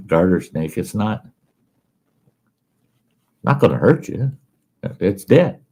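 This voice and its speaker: A man telling a folksy story in casual, animated style as a show host. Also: sits low, takes it slowly, long pauses, breathy edge. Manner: folksy, animated yarn-spinning.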